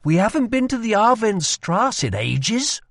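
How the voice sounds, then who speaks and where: A man voicing a brash, impulsive young prince, pitched well above his narrating voice. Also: sing-song, unhurried, vocal fry, fairly bright tone, dry recording, clean studio sound, full character voice. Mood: eager. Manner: eager, impulsive, boastful.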